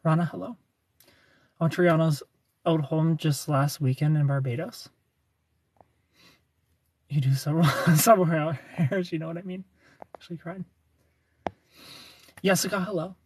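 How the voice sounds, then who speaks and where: A man's voice: on the high side, normal speed, long pauses, darkish tone, slightly rough. A man hosting a casual livestream, greeting viewers by name, reading their comments aloud and teasing them with frequent laughs. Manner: chatty, reads viewer names and comments aloud. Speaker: livestream host.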